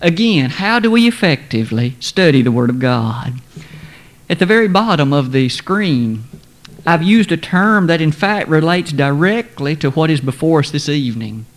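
A man preaching a sermon, speaking in a measured, formal way and slowing down to stress quoted scripture. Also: on the high side, very animated. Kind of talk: sermon lesson.

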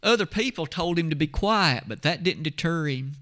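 A man preaching a sermon, reading scripture aloud and slowing down, lowering his voice for quoted lines. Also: animated, sharp tone. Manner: expository preaching, reads scripture aloud in measured tones.

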